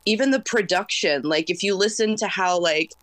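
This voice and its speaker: A woman in her thirties, a singer-songwriter guest, talking fast and intensely in a casual interview. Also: medium pitch, no echo. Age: 30s. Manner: fast, intense, animated talker.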